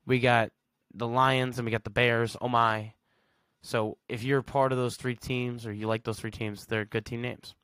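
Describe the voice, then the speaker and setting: A man's voice: medium pitch, little pitch movement, moderate pace, fairly bright tone, smooth, no echo. A man hosting a solo podcast in a casual, slangy way, reading facts aloud and reacting with blunt verdicts. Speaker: podcast host.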